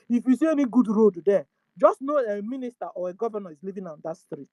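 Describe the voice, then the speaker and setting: A woman with a Nigerian accent hosts her own channel, pleading in impassioned commentary full of rhetorical questions and lines in Igbo. Her medium-pitched voice is animated, fairly quick, and warm, and the recording is dry.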